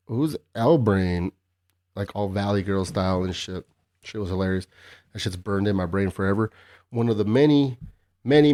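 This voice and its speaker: A man's voice: fairly low pitch, darkish tone. Profane, rambling male podcast host. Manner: profane, rambling, sarcastic ranting. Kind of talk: casual solo podcast chat.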